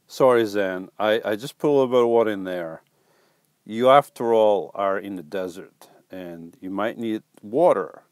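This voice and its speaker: Guy on a live stream goofing around answering chat, lowish voice, dry close sound, trips over his words. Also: moderate pace, no room sound. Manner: joking, reads viewer comments aloud; stumbling restarts, playful teasing.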